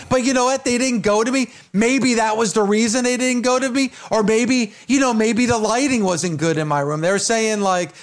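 A man co-hosting a casual talk show, telling an emphatic first-hand story and acting out what others said. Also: extremely high pitch. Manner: emphatic storyteller, acts out quotes. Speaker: co-host. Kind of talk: casual chat.

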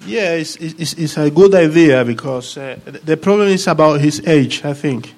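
Man, former player on a panel, halting delivery, repeats himself, voice a bit high. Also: a little mellow. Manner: halting, repeats words while searching for them. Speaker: guest, former player of the club. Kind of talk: casual panel chat.

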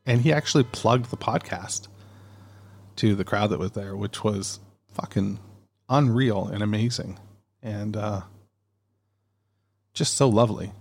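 A man's voice: fairly low pitch, measured pace, creaky, pauses often, darkish tone. A man hosting a podcast, rambling and chatty in a casual monologue, recorded on a studio dynamic mic. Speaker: podcast host.

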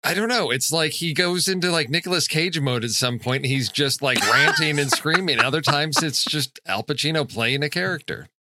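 A man's voice: a little high, normal speed, hardly any pauses, bright, forceful tone, slight background noise. A man co-hosting a casual movie podcast, explaining things in a chatty way with frequent restarts. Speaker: podcast co-host.

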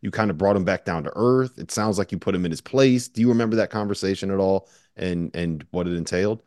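A man hosting a podcast, asking long, relaxed questions in a conversational way. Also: low voice, quick pace, no echo, clean studio sound. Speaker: podcast host.

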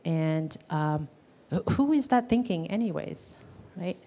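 Woman, class teacher, low-pitched, conversational, full of "um" and "right?". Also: expressive, slow, mellow. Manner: conversational, questions to the audience, many "um"s and "right?". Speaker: gestalt therapy teacher. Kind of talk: live class lecture.

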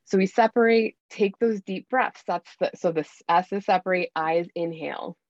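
Female guest coach, earnest and animated, low-ish voice, dry lo-fi podcast audio. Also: moderate pace, no echo. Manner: earnest, animated, acts out inner dialogue. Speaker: guest, mom anger coach. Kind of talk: faith-based podcast conversation.

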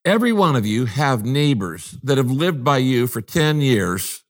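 Emphatic older pastor, preacherly. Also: male voice, medium pitch, very animated, a little slow. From United States. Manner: emphatic, preacherly, repeats key phrases. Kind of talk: interview conversation.

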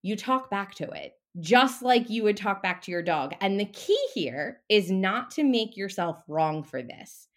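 Animated woman coaching on a podcast. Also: medium pitch, unhurried, hardly any pauses. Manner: animated, casual, mildly profane. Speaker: mindset coach guest. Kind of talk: casual podcast interview.

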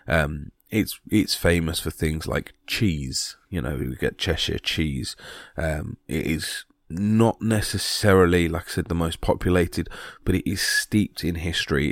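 A man's voice: low voice, dry recording, clean studio sound. A man from England hosting a podcast on his own, talking casually with a rambling, self-mocking manner and plenty of ums and restarts. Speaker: podcast host. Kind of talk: casual solo podcast talk.

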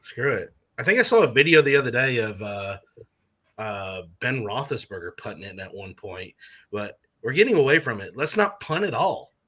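Husky, blunt-talking man. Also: medium pitch, very animated, normal speed, sharp tone. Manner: blunt, swears freely. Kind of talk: casual sports chat.

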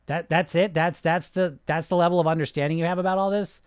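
A man hosting a podcast as a weight loss coach, talking bluntly with swearing and rapid rhetorical questions. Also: sits high, lively intonation, darkish tone, no room sound, studio quality. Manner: mocks listeners with put-on whiny voices. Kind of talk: casual podcast monologue.

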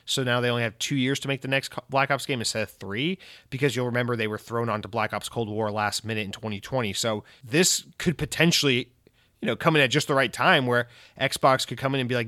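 Excitable, swearing young man ranting about games. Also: medium pitch, fast talker, no echo, studio quality. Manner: profane, rambling, excitable. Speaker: gaming commentator. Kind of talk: casual rant.

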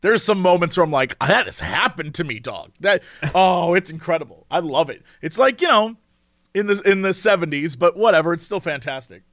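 Casting: high-pitched excitable guy, rambling podcast co-host, dry mic. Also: brisk, no room sound. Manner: excitable, rambling, laughs often. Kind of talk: casual chat.

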